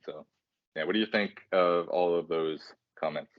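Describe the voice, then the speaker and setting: A man with a very low voice co-hosts a casual podcast. He rambles, filling gaps with ums and joking at his own slips. The sound is dry and slightly dull. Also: moderate pace, no room sound. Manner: rambling, self-deprecating, casual filler-heavy. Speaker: podcast co-host.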